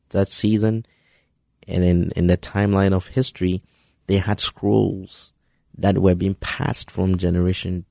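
A man preaching a sermon in an earnest, encouraging way, often halting and repeating words as he restarts his sentences. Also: low-pitched, vocal fry, darkish tone, dry recording, clean studio sound.

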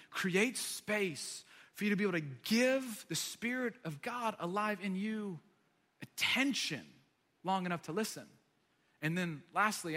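High, bright-voiced male preacher. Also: in a large hall. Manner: animated storytelling with quick asides. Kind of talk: sermon.

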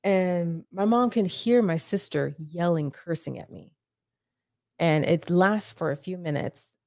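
A woman's voice: on the low side, measured pace, a little mellow, dry recording, clean studio sound. A woman as a podcast guest, retelling a painful family story in a blunt, profane way with rising urgency. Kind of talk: emotional personal storytelling.

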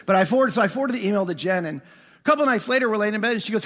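Man, pastor, storytelling sermon, animated, high bright voice, reverberant hall. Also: rapid-fire. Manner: animated storyteller, acts out dialogue.

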